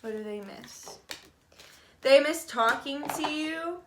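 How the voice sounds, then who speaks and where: A young woman giving a casual tarot reading, chatty and animated, swearing freely. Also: sits high, slow, slight background noise. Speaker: tarot reader.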